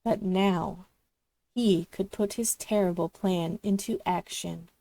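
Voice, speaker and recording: A woman reading a children's storybook aloud, expressive as she narrates. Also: on the low side, takes it slowly, no echo.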